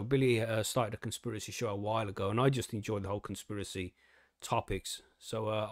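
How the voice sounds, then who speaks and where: A man hosts a casual podcast chat and talks in a loose, swearing, joking way. His voice sits at a middle pitch. It is recorded close, with a dry sound. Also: no echo. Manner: swearing, laid-back banter with frequent fillers. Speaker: podcast host.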